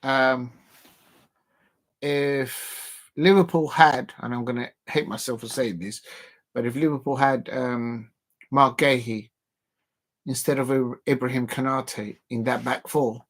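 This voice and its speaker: A man's voice: medium pitch, steady tone, measured pace. A man hosting a football watch-along, chatting casually and giving opinionated predictions straight to his viewers.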